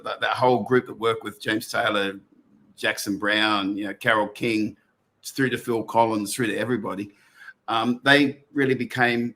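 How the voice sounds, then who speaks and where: Middle-aged Australian man, mid-pitched, chatty co-host who tells long, meandering stories. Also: fairly bright tone. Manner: rambling storyteller with many restarts. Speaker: podcast co-host. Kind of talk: casual chat.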